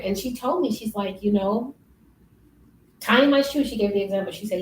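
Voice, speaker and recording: A young woman telling stories in a casual interview, lively and often laughing. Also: mid-range voice, fairly quick. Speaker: interview guest. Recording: roomy, distant, faint noise.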